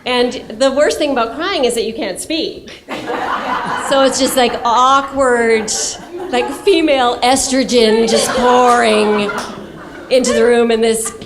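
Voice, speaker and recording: A woman's voice: on the high side, fairly even intonation, slow, noisy background. A woman filmmaker telling a candid, self-mocking story on a festival panel and laughing as she talks.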